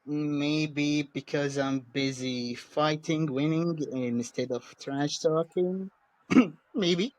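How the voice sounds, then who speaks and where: Slow-talking man with a dry sound. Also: a little high, darkish tone, dry recording, poor audio. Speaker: guest wrestler.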